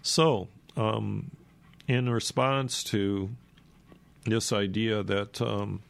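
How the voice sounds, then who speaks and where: Gravelly, breathless man talking. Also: lowish voice, fairly even intonation. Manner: halting, many fillers and restarts. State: short of breath, coughing. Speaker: radio host. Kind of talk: casual spoken commentary reading from a book.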